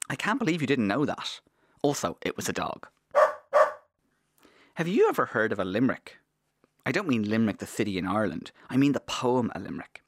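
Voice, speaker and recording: Kids' show host, man, lower voice, animated delivery, jokey patter. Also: no echo, clean studio sound. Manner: jokey, animated, reads rhymes aloud. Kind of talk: playful scripted presenting.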